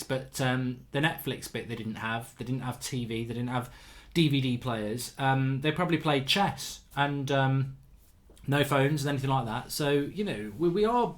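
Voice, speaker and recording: A man, hosting a casual livestream chat and telling rambling anecdotes full of restarts. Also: mid-range voice. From England. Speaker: show host.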